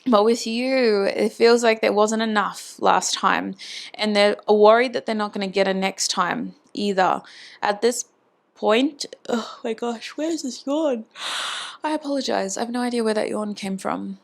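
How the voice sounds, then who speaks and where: A woman's voice: medium pitch, normal speed, gravelly. A woman giving a casual tarot reading to camera, chatty and intimate, musing aloud and voicing channeled messages as she speaks fondly to her viewers. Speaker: tarot reader.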